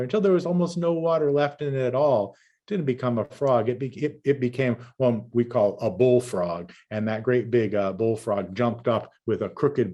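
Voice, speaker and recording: A man who is a storyteller, telling a traditional tale and answering questions in a rhythmic, measured way over a video call. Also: mid-range voice, darkish tone. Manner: rhythmic, measured, lingers on native words.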